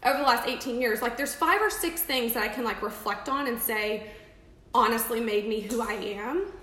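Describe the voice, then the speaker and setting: A woman's voice: on the high side, normal speed, fairly bright tone, echoey room, poor audio. A woman, rambling and emphatic in a casual live video, full of restarts and "like". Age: 30s. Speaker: makeup seller on a live video. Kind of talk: casual live-stream talk.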